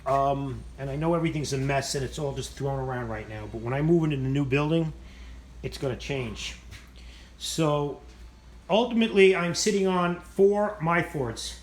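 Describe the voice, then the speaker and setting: Male vlogger, rambling and self-deprecating, slightly high voice, echoey shop sound. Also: moderate pace, slight background noise. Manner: rambling, self-mocking, swears casually. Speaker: channel host showing his machine shop. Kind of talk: casual rambling walk-through vlog. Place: indoor machine shop.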